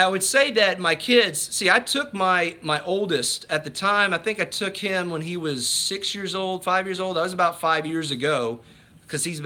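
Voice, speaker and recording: A man chats to his viewers on a casual livestream, rambling and restarting his sentences as he goes. His voice is bright and forceful, with a tense, energetic edge. His pitch sits a little high for a man. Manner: rambling, enthusiastic, with many restarts. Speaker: livestream host.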